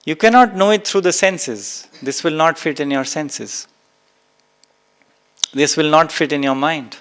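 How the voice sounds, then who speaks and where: A man's voice: fairly high pitch, unhurried, fairly bright tone. A man giving a spiritual talk to a live and online audience. He speaks with emphasis, repeats key phrases and acts out exclamations. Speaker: spiritual teacher.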